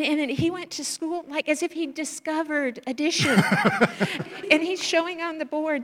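A woman missionary sharing stories in a church talk, animated and acting out children's voices. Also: sits high, brisk. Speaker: missionary speaker. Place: church sanctuary. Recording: reverberant church hall.

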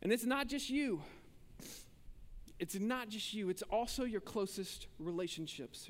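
A man preaching a sermon as pastor, talking conversationally and swinging between emphatic bursts and hushed asides. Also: very high-pitched, long reverb tail.

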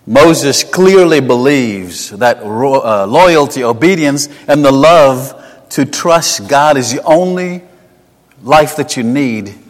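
A man with a South African accent preaching a sermon. He talks conversationally and tells personal stories, moving between emphatic lines and hushed asides. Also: mid-range voice, expressive, takes it slowly. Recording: long hall reverb.

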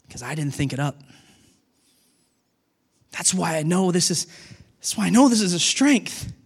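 Pastor, middle-aged man: high-pitched, lively sermon delivery, hall reverb. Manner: animated, acts out dialogue with God.

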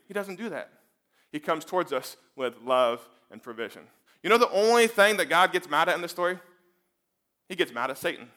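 A man with a somewhat high, bright, forceful voice delivers a sermon. He speaks emphatically, asking the listeners question after question. He sinks to a quiet hush and then swells back to full strength. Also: very animated, normal speed. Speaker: preacher.

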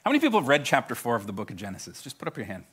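Bright, lively-voiced male preacher. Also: medium pitch, very fast, slightly rough. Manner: conversational, repeats words when starting a thought; addresses a live congregation directly. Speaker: pastor. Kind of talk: sermon.

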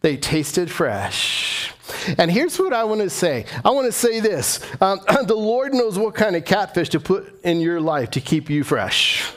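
High-voiced man preaching with rising fervor. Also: expressive, normal speed, hardly any pauses. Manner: earnest, rising to impassioned emphasis. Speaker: pastor. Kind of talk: sermon.

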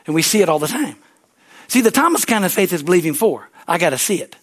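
A man's voice: high voice, very animated, quick pace. A man pastor preaching a sermon, fervent and repetitive, with call-and-response asides.

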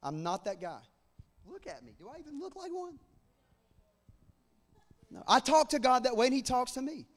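A male preacher delivering a sermon with a strikingly high voice. He shifts between fervent, shouted proclamation and a calmer, conversational teaching tone. His voice carries a long reverb, as if filling a large hall. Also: moderate pace, long pauses.

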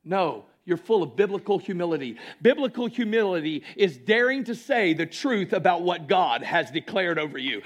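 A man preaching a sermon as pastor, with impassioned delivery that swings between loud exclamations and hushed lines in a church sanctuary. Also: high voice, big pitch swings, normal speed, few pauses.

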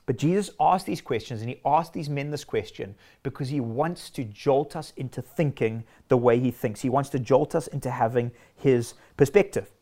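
A man's voice: medium pitch, moderate pace, hardly any pauses, warm tone. A man preaching a sermon in an earnest, emphatic way, stacking short declarations.

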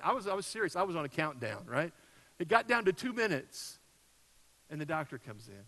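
A man preaching a sermon, telling a personal story in a conversational way, with loud peaks and soft drops. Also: sits high, lively intonation, fast, poor audio. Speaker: pastor.

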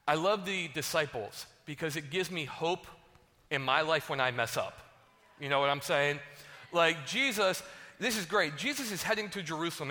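A man's voice: a little high, sharp tone, in a large hall. A man preaching a sermon, reading scripture and then retelling it casually, acting out the voices of the people he quotes. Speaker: pastor.

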